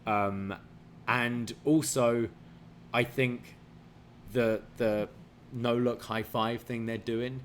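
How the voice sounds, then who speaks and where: A man's voice: medium pitch, steady tone, very slow, long pauses, slight background noise. A man co-hosting a podcast in casual chat, laying out his opinions in a thoughtful, explaining way. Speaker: podcast co-host.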